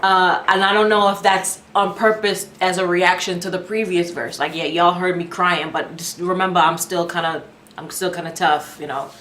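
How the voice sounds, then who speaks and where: A woman giving a casual reaction review of an album, candid and chatty, thinking out loud as she goes. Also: on the low side, fairly even intonation, moderate pace, slight background noise. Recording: echoey room with music playing.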